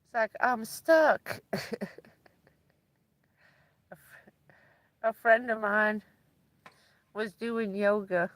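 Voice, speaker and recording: A woman's voice: medium pitch, flat delivery, very slow, pauses often, fairly bright tone, dry recording. A woman livestreaming from inside her van, chatting casually with viewers and laughing often as she tells stories.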